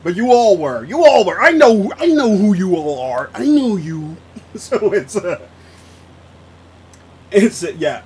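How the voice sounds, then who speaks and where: Young male streamer, high voice, slow unhurried talk, keeps breaking into laughter while reading chat. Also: sing-song, a little mellow. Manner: laughs often, reacts to chat. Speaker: flight sim streamer. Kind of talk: casual live-stream chat.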